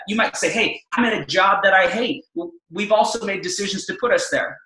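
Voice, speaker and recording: A middle-aged man giving an energetic, emphatic motivational talk, telling personal stories to make his points. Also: high-pitched, echoey room, poor audio. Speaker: motivational speaker.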